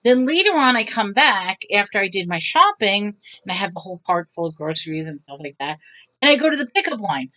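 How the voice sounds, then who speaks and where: A woman's voice: medium pitch, fairly quick. A woman vlogger telling stories in a casual, rambling way, acting out the lines of the people in them. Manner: rambling, animated, acts out quotes. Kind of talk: casual storytelling. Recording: dull lo-fi sound.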